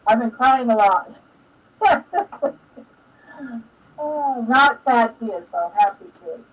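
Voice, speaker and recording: Drawing out her words, an older woman with a slightly high, animated voice chats casually on a live stream, getting emotional and laughing a lot. The sound is dull and lo-fi, and she sits at a distance from the microphone.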